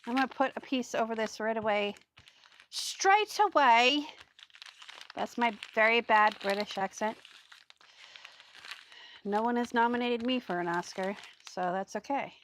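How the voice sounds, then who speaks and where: A woman's voice: fairly high pitch, steady tone, normal speed, fairly bright tone, slight background noise. Chatty woman hosting a craft stream. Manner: chatty and rambling, greets viewers while working. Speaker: craft video host. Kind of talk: casual live crafting chat.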